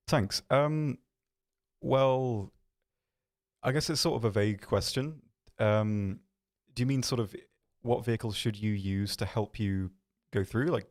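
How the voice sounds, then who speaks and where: A man hosting a game livestream from an office, answering viewer questions in a rambling, self-deprecating way with many pauses and restarts. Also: lowish voice, a little mellow. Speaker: stream host. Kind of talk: casual livestream chat reading viewer questions.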